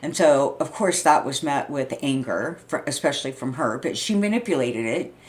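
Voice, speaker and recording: A woman in her sixties talking loudly in a rambling, casual monologue, often checking in with "right?" and "you know what I mean?". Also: very deep voice, animated, moderate pace. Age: 60s. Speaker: vlogger.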